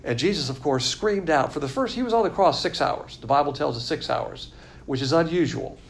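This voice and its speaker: A man's voice: a little high, animated, brisk, creaky, a little hiss or hum. A man preaching a sermon in a blunt, emphatic, conversational way.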